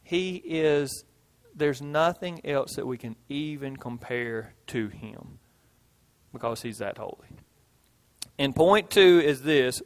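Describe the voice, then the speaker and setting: A man's voice: on the high side, expressive, a little slow, fairly bright tone. A male pastor, preaching a sermon in a folksy way, with homey stories and emphatic repetition.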